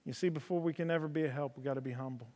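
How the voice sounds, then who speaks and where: Folksy preacher in a reverberant hall. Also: male voice, very fast. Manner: folksy storytelling with humor; swings from loud emphasis to soft, low delivery. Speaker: preacher in a horse ministry. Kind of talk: sermon.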